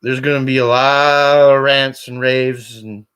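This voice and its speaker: A man on a call-in show, ranting angrily and swearing constantly, his voice climbing toward shouts. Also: medium pitch, level tone, a little slow, clear, resonant tone. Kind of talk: angry profane rant.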